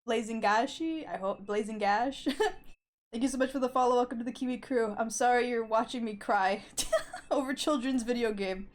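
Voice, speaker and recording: A woman's voice: a little high, normal speed. A young adult woman streaming a video game, crying, laughing and swearing as she talks. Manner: swearing, laughing while teary. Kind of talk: live game-stream commentary. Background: game music.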